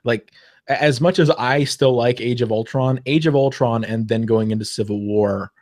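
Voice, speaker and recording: A man's voice: mid-range voice, normal speed, a little mellow. A man co-hosting a casual podcast, talking through comics and films in a thoughtful, hesitant way with many fillers, over a remote call. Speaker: podcast co-host. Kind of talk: casual chat about comics and film.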